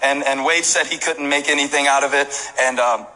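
A man preaching a sermon as pastor, mixing joking stories with rising shouted appeals to the congregation. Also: medium pitch, fairly even intonation, brisk, low-quality recording. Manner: storytelling that builds to shouted preaching; jokey asides with laughs. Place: church service.

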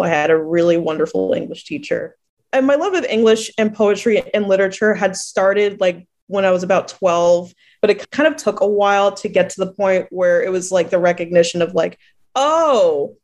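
A woman poet from New Jersey talks in a relaxed interview. She laughs easily and tells her stories with lively acted-out quotes. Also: mid-range voice. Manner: chatty storyteller who laughs often and acts out quoted voices. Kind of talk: casual interview conversation.

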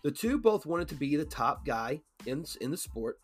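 A man's voice: a little high, very animated, moderate pace, slightly rough, faint music behind. A man co-hosting a casual podcast, talking loosely, swearing and acting out quoted lines. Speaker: podcast co-host.

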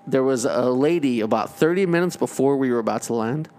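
A man's voice: mid-range voice, a little fast, a little mellow. A man co-hosting a podcast, telling a story in casual banter, swearing freely and repeating words as he restarts. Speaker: podcast co-host.

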